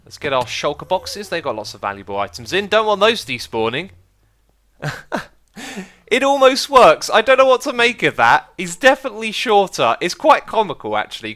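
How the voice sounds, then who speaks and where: Man, gameplay commentary, lively swooping voice, excitable, chatty. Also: medium pitch. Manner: chatty, excitable, laughs often. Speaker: Minecraft YouTuber.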